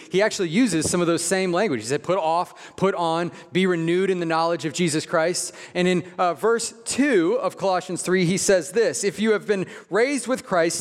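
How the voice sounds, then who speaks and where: A man preaching a sermon in a conversational, emphatic way, slowing down on key phrases. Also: high-pitched. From Midwest. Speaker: pastor. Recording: long hall reverb.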